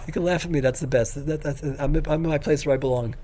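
An older man gives a Torah lecture in a high, quick voice. He gushes with excitement and often stumbles, restarting and repeating words as he rushes ahead. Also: a little hiss or hum. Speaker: rabbi teaching a Torah class.

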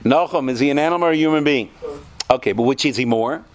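A man teaching a class of students, animated and talkative, often asking them questions. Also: medium pitch, fast. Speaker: yeshiva teacher. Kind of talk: lecture to students.

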